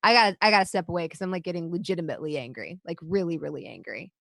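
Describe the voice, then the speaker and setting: A woman's voice: fairly low pitch, very fast, creaky, a bit bright, dry recording, clean studio sound. A woman co-hosting a podcast in casual chat, blunt and candid, swearing freely. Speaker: podcast co-host.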